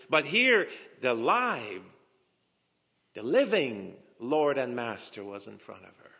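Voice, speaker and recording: Slow, dramatic preacher man in a reverberant hall. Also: mid-range voice, big pitch swings, gravelly, slightly rough. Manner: dramatic preaching that swings from hushed whispers to raised emphatic lines; slow and deliberate with repeated phrases. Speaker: pastor. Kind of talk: sermon.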